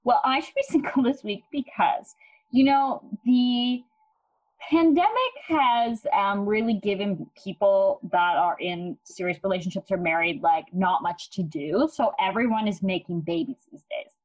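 A woman's voice: mid-range voice, measured pace, a little mellow. A young woman co-hosting a podcast, chatting casually and laughing easily. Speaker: podcast co-host. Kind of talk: casual chat. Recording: slightly dull lo-fi audio.

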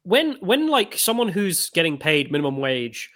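Animated, bright-voiced man. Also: fairly high pitch, normal speed. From United Kingdom. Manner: animated storyteller, blunt and swearing. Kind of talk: casual conversation.

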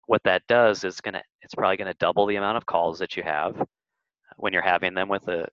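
Male podcast guest, very low voice, animated storyteller, dry dull audio. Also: quick pace, no room sound. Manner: animated storyteller, acts out quotes. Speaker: guest, marketing agency head. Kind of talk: casual interview talk.

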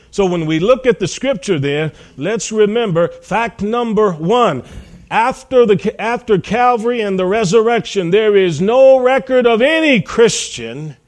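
A middle-aged American man, a pastor, preaching a sermon in a folksy storytelling way, acting out quoted conversations. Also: fairly high pitch. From United States.

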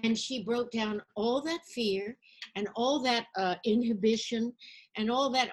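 An older woman, an actress, recounting her past in a storytelling interview, lively and acting out the people she quotes. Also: fairly high pitch, measured pace.

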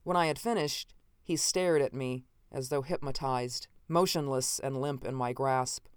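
A narrator reading a first-person science fiction story in a measured, dramatic way. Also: medium pitch, clean tone, no echo, clean studio sound. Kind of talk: scripted audiobook narration.

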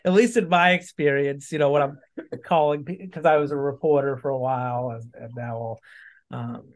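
A man's voice: mid-range voice, fairly even intonation, normal speed. A man from Maine in casual conversation, chatty, laughing often and restarting his sentences. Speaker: podcast guest. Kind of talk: casual chat.

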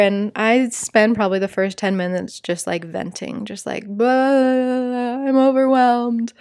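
A woman's voice: medium pitch, dry recording, studio quality. A young adult woman telling a personal story in a chatty way, full of fillers, acting out what people said. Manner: chatty, lots of "like" fillers, acts out quoted voices. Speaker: yoga teacher and podcast host.

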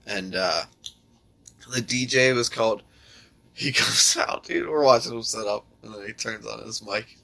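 A man's voice: mid-range voice, measured pace, creaky, pushed and bright. A man in casual chat telling jokes animatedly, with swearing and laughter.

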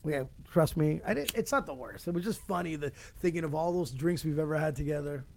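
A man co-hosting a podcast, telling stories in casual chat, animated, swearing and laughing often. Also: fairly high pitch, fairly quick, a little hiss or hum. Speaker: podcast co-host.

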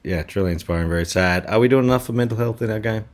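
A man's voice: fairly low pitch, racing. Man asking short interview questions. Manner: short prompts and agreeing backchannels. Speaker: podcast host. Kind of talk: casual interview.

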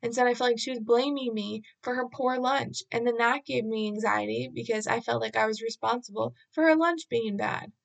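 A woman's voice: fairly high pitch, a little fast, gravelly, hardly any pauses. A woman vlogger casually retelling an anxious day in a rambling way, acting out bits of dialogue. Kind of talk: casual storytelling vlog.

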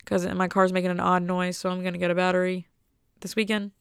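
A young American woman chats casually in a rambling, wry monologue. Her voice has a heavy vocal fry over a smooth, clear tone, and her pitch stays fairly flat. The sound is close and dry. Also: fast talker, no room sound. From United States. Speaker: vlogger.

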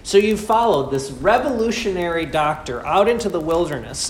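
A man preaches a sermon in a fairly high voice, posing rhetorical questions and leaning on dramatic pauses. His voice rings through an echoey room over a faint background hum. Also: lively intonation.

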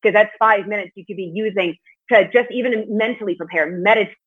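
A woman's voice: medium pitch, fairly quick, breathy edge. A woman guest in a casual interview, speaking candidly and chattily and swearing now and then. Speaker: podcast guest, martial arts competitor. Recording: tinny phone-like line.

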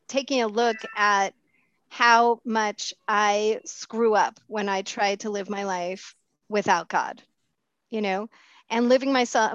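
A middle-aged woman giving a candid, self-mocking recovery talk, pausing often with fillers and restarts. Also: mid-range voice, fairly bright tone, no echo. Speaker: speaker sharing at a recovery meeting. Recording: dull, dry lo-fi sound.

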